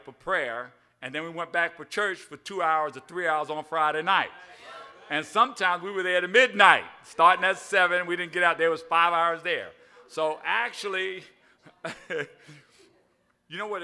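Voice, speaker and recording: A man's voice: on the high side, pushed and bright. An older man preaching an evening sermon in a folksy way, spelling words out and asking "all right?" again and again. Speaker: pastor.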